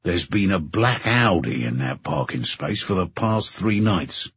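Man doing a tired, terse boss: low, husky, commanding, dry and muffled recording. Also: unhurried, dry recording, heavily acted. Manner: curt, flat, commanding. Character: weary middle-aged man, a boss giving orders. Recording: dull dry narration recording.

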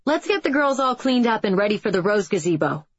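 A brisk female TV director barks loud, clipped orders on set, as a woman narrator puts her on. The recording is dry and a little dull. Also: mid-range voice, very animated, husky, no echo. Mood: commanding.

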